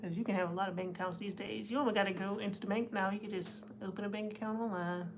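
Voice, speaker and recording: A woman's voice: mid-range voice, fairly even intonation, fast, background noise. A woman hosting a casual live stream, chatting with her viewers and reading their comments, often laughing. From United States. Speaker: livestream host.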